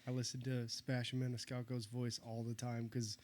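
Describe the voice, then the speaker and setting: A man's voice: mid-range voice, a little fast, no echo. A young man co-hosting a casual film podcast, mostly giving brief reactions. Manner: brief reactions, flat delivery. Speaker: podcast co-host.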